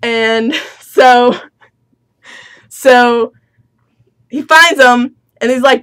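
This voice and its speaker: A woman's voice: fairly high pitch, drawn-out words, pauses often, fairly bright tone, clear, resonant tone, no room sound. A young adult woman telling a story in casual, slangy, profane chatter with lots of fillers. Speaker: student storyteller. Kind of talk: casual comic retelling.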